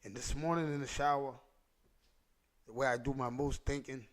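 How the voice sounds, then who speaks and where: A man's voice: mid-range voice, steady tone, normal speed. A man hosting a podcast, telling an emotional personal story in street slang and repeating phrases for emphasis, choked up at times. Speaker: podcast host.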